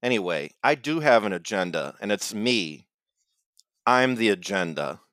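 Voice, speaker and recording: A man co-hosting a comedy podcast, talking in a hesitant, halting way with many fillers. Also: on the low side, sing-song, fairly bright tone, dry recording, clean studio sound. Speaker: podcast co-host. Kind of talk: casual comedic chat.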